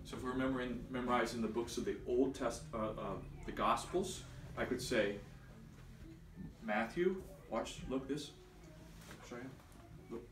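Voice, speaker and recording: A man's voice: medium pitch, normal speed, long pauses, fairly bright tone. A man teaching a church confirmation class, patiently explaining and quizzing his students. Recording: echoey room from far off.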